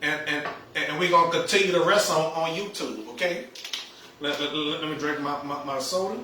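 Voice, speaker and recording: A man's voice: a little high, normal speed, bright, forceful tone, slight background noise. Stammering man on a home livestream. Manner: stammering, repeats words, chuckles often. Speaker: livestream host. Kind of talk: casual livestream chat. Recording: echoey room.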